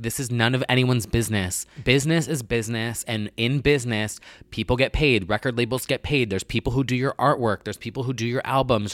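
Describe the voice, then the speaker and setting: A man's voice: on the low side, a bit bright, dry recording. A man ranting in a casual vlog about pop culture, sassy and exasperated, often swearing.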